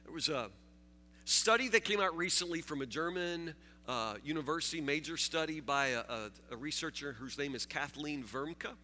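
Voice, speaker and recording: A man preaching a sermon, halting and repeating words, joking with his listeners. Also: fairly high pitch, animated, bright, forceful tone, a little hiss or hum. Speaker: pastor. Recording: long hall reverb.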